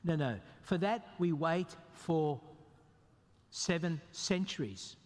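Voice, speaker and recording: A fairly high-voiced man preaching to a congregation, emphatic and animated, his voice swinging sharply up for emphasis. A long hall reverb trails after his words. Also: slow. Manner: animated, emphatic preaching with sudden pitch jumps. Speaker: pastor. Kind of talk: sermon.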